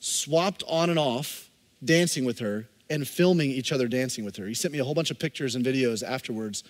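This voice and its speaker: A man's voice: medium pitch, fairly quick, long reverb tail. A man, a pastor, preaching a sermon with impassioned emphasis and speaking directly to his congregation.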